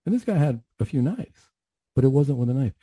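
Male radio storyteller, low and mellow, slightly husky, earnest and conversational, dry close sound. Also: sing-song, a little fast, no echo. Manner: earnest, conversational, with frequent restarts.

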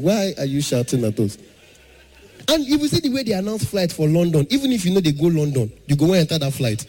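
A man doing an animated stand-up comedy set, slipping into pidgin and acting out the characters in his stories. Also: on the high side, quick pace, soft background music. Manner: animated, acts out mothers and airline staff in pidgin.

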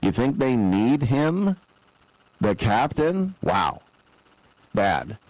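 A man's voice: medium pitch, extremely slow, no echo, rough recording. A man hosting a sports talk show, telling stories in a casual monologue and acting out the quotes. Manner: animated storyteller who acts out quotes.

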